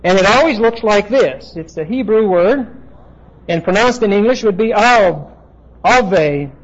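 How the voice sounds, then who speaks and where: A man teaching a Bible lecture in a classroom, explaining terms step by step and pausing often with "uh". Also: high-pitched. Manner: explanatory, halting with frequent "uh" fillers. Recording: dull lo-fi recording.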